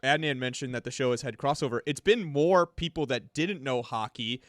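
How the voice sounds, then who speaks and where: A man co-hosting a podcast, relaxed and easygoing in casual chat. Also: mid-range voice, normal speed, dry recording, studio quality. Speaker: podcast co-host.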